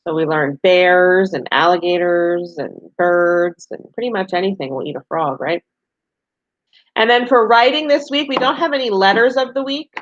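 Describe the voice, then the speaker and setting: A woman teacher reading a picture book aloud to young children, expressive and playful, then explaining the week's assignments. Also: lowish voice, no echo. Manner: slow, expressive storybook reading with playful animal sounds. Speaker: preschool teacher. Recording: dull lo-fi sound in a dry room.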